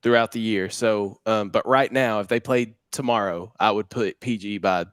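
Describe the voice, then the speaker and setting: A man in his thirties co-hosting a sports show, relaxed and reminiscing. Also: lowish voice, normal speed, smooth, dry recording, clean studio sound. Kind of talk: casual sports talk.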